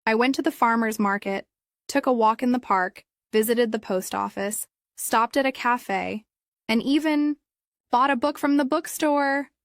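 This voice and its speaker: A woman's voice: fairly high pitch, unhurried, dry recording, studio quality. A woman voicing a polite young woman learning English, speaking carefully in simple phrases.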